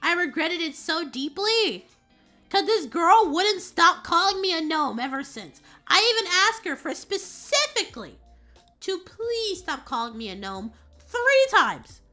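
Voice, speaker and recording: Super high-pitched girl streamer rambling thru a story, voice jumps all over. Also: sing-song, a little slow, bright, forceful tone, faint music behind. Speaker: VTuber streamer. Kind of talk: casual stream chat.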